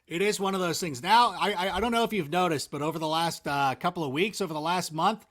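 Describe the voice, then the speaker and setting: A man's voice: high voice, quick pace, a bit bright. A man in his forties from Southern California, a sports analyst chatting as a guest in a rambling, self-deprecating way. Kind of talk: casual interview chat.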